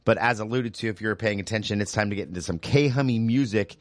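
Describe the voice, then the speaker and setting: A man hosting a morning radio show, with a rough morning voice, chatting in an upbeat, rambling way and correcting himself as he goes. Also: fairly low pitch, quick pace, dry recording. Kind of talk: casual radio chat with announcements. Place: radio studio. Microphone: studio microphone.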